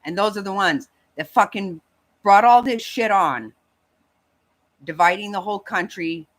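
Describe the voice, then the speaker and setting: A woman's voice: medium pitch, a little slow. A woman hosting a livestream, ranting bluntly and heatedly with lots of swearing. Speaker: livestream host. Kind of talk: angry casual rant to chat.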